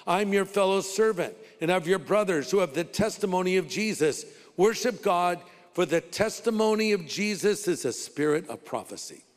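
A man's voice: sits high, expressive, normal speed, hardly any pauses, big-room sound. A man pastor preaching a sermon with emphatic delivery, leading the congregation in responses and slipping in humorous asides.

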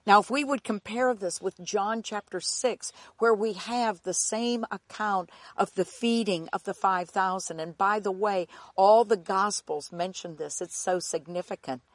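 A woman preacher delivering a sermon in a slow, deliberate cadence. She swings from loud emphasis down to near-whispers for effect. The recording is dry and close, with no room sound. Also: medium pitch, no echo.

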